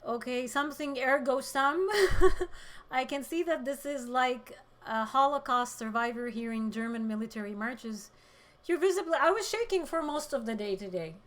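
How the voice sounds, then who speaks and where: Close to tears, an impassioned Middle Eastern woman with a high voice reads viewer comments during an emotional political livestream. She speaks at normal speed, shifting between loud outbursts and quiet emotion.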